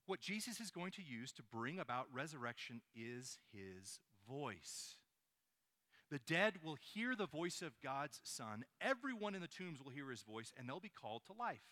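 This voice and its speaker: Animated, bright-voiced male preacher. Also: fairly high pitch, measured pace. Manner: animated preaching with rhetorical questions. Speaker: pastor. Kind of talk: sermon.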